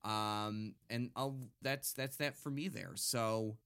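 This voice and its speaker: A man's voice: medium pitch, steady tone, slow pace, a bit bright, clear, resonant tone. A young man co-hosting a podcast, talking reflectively and hesitantly with many fillers. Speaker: podcast co-host. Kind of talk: casual podcast chat.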